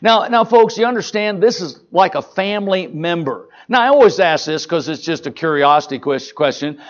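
A pastor preaching a sermon, folksy and emphatic, mixing jokes with rising exhortation. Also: male voice, a little high, expressive, normal speed, highs cut off.

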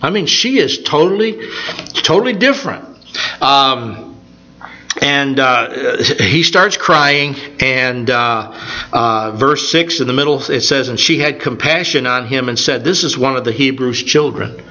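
A man preaching a sermon, retelling a scripture story in a conversational, animated way. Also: mid-range voice, measured pace, dull audio.

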